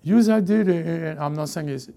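A male pastor preaching a sermon in an animated way, acting out quoted voices and often restarting his sentences. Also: a little high, normal speed, vocal fry.

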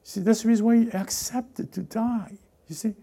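A male pastor preaching a sermon in an animated way, acting out quoted voices and often restarting his sentences. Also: sits high, moderate pace, gravelly, husky.

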